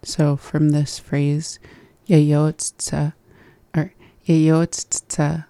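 A learner practicing new words in a relaxed lesson, repeating them carefully and laughing at their own slips. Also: medium pitch, drawn-out words, no room sound. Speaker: language learner. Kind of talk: conversational language lesson.

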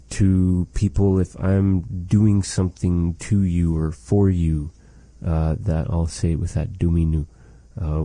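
Male language teacher and host, very dark mellow tone, slow and patient delivery, dry close sound. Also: low voice, no room sound. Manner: patient, repeats phrases slowly. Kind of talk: slow, careful language lesson.

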